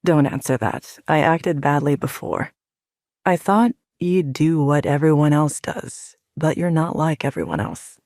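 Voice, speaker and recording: Here a woman performs a protective, confident young werewolf alpha for an audio drama, her voice dropped very low and held firm and steady. She speaks a little slowly in an earnest, firm mood, and the recording is close and dry without any room sound.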